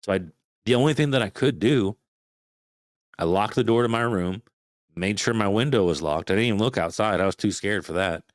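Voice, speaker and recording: A man in his thirties, a podcast guest, telling a frightening personal story in casual, swearing, animated talk. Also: lowish voice, fairly quick, no echo, clean studio sound. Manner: swearing, animated retelling of a scary night.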